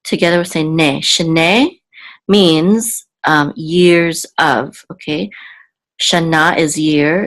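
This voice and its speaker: A woman with a low voice who talks slowly and patiently, explaining each word as she goes. She pauses often, stops to think aloud and corrects herself mid-sentence. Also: fairly bright tone, poor audio. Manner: halting, thinks aloud, frequent ums and self-corrections. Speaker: Hebrew teacher. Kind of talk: slow, patient word-by-word teaching.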